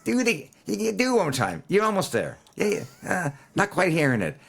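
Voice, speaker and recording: A man's voice: high voice, huge pitch swings, brisk, vocal fry, fairly bright tone, breathy edge, voice pushed up, exaggerated voice. A man doing an impression of a male record producer with a Long Island accent, who clips his words and keeps repeating orders. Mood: impatient. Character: middle-aged male record producer, curt and repetitive.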